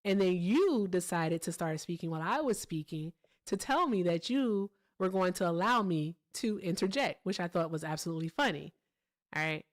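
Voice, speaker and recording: A woman's voice: on the low side, expressive, moderate pace. Pointed woman hosting a call-in debate. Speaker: host of a call-in debate show.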